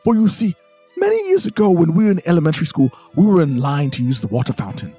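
Man doing a pompous rich gentleman, high-pitched, grand and theatrical, husky. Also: sing-song, fast, faint music behind. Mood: grandiose. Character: pompous rich man returning to give thanks.

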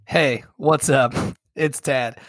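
Young dude on a podcast, wry and chatty, dry sound. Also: male voice, mid-range voice, steady tone, takes it slowly, a bit bright, no echo. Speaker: podcast co-host. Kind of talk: casual podcast chat.

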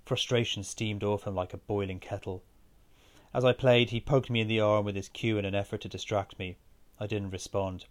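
A man reading a first-person story aloud in a steady, measured way. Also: lowish voice. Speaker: narrator.

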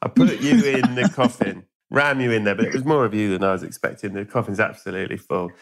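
A man's voice: on the low side, expressive, quick pace. Playful man telling a tall tale. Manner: playful, spins absurd tales with quoted voices. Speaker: podcast host. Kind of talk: comic storytelling in a casual interview.

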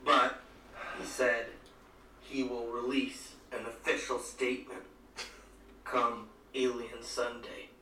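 A man's voice: medium pitch, flat delivery, slow pace, pauses often, bright, forceful tone. A British man co-hosting a comedy podcast, delivering a theatrical mock rant full of faux outrage. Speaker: podcast co-host. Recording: roomy, distant mic, faint noise.

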